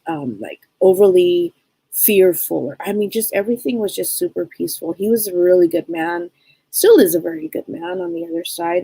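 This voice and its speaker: A woman giving a psychic reading on a live stream, talking in a rambling, halting way with many restarts. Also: on the low side, warm tone, breathy edge, dry recording. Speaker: psychic medium.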